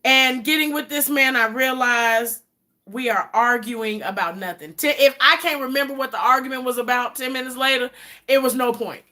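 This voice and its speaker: Blunt, profane woman with a bright voice. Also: moderate pace. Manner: blunt and profane, with quoted asides; drops to a low, quiet voice in places. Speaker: live-stream host. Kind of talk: casual live-stream chat.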